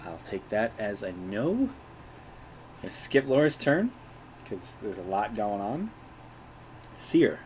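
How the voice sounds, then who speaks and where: A man's voice: on the low side, very animated, takes it slowly, pauses often, a little mellow, a little hiss or hum. A man narrating as game master of an online tabletop game in an easygoing way, thinking aloud between turns. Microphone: home streaming mic.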